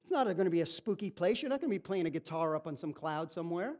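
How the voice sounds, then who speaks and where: A male pastor preaching a sermon in an animated, emphatic way, repeating phrases and asking rhetorical questions. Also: fairly high pitch, fast talker.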